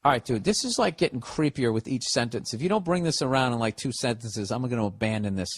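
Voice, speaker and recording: A man's voice: medium pitch, animated, fairly quick, few pauses. Boston man hosting a podcast, sarcastic and profane, reads letters in a comic rant. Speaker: podcast host. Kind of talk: casual comedic rant.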